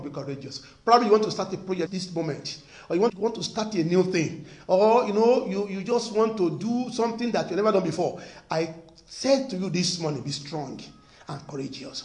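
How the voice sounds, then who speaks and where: A pastor delivers a sermon in a strikingly high, animated voice that rises and falls widely. He is emphatic, hammering phrases again and again and throwing questions at the congregation. The sound carries a roomy echo. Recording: echoey room.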